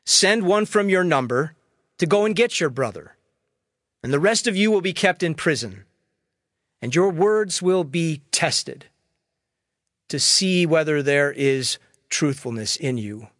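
Man doing a stern accusing governor, low and harsh, very slow and deliberate. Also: fairly bright tone, dry recording, clean studio sound.

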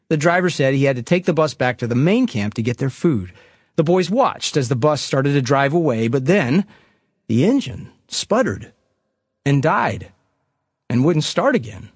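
A man preaching a sermon, telling a story with an animated storyteller's delivery that swells at dramatic moments. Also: a little high, no room sound, studio quality.

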